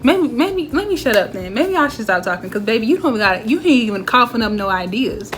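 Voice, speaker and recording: A woman's voice: a little high, very animated, fast talker, a bit bright, a little hiss or hum. A young woman chatting casually as she reviews a favorite movie, talking animatedly and acting out bits of dialogue.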